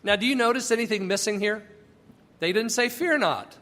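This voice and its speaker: A man's voice: sits high, steady tone, brisk, a bit bright, long reverb tail. A man teaching a Bible passage in a folksy, conversational and emphatic way.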